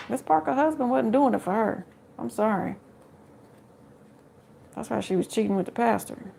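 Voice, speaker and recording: A woman's voice: fairly high pitch, a little slow, gravelly, long pauses, noisy background. Chatty, laughing woman reading tarot. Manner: chatty, laughs often, jokes with viewers. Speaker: tarot card reader. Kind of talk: casual live tarot reading.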